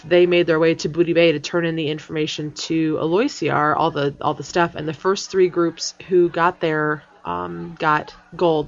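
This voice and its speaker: A woman's voice: sits low, creaky. A woman hosting a podcast in casual chat, talking chattily with many fillers and frequent laughs. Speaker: podcast host. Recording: dull lo-fi sound.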